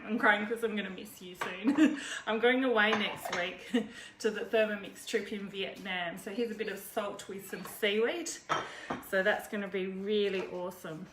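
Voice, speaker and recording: A woman hosting a live cooking demo from her home kitchen, chatty and rambling, laughing often between steps. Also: medium pitch. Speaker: cooking video host. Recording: echoey kitchen, faint background noise.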